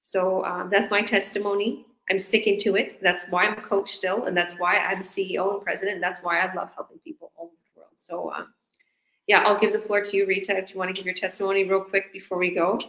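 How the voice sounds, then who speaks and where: A woman's voice: medium pitch, little pitch movement, fast, a bit bright. Effusive woman coach in an echoey room. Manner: effusive, repetitive, religious exclamations, laughs often. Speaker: business coach and company head. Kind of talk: enthusiastic testimonial in an online business chat. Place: room in Barcelona.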